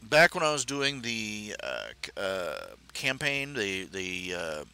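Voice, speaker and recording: A middle-aged man hosting a live stream, talking casually and haltingly with many fillers and restarts. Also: on the low side, big pitch swings, pushed and bright, clear, resonant tone.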